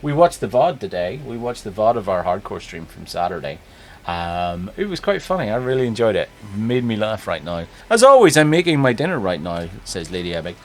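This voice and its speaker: A man's voice: on the low side, sing-song, fairly quick. A man with a Northern Irish accent hosting a live stream, chatting casually and greeting viewers by name. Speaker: streamer host.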